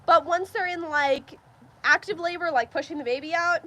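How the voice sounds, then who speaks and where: A young woman hosting a casual farm livestream, chatty and quick to laugh as she reads viewer comments aloud. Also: very high voice, bright, forceful tone. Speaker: livestream host. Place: farm barn with rain outside. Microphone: phone livestream.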